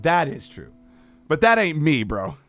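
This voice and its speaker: A man's voice: a little high, huge pitch swings, measured pace, over loud music. A man from New Jersey, chatting casually and rambling between songs as a live-stream host. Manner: rambling and laid-back, stumbles over words, slangy.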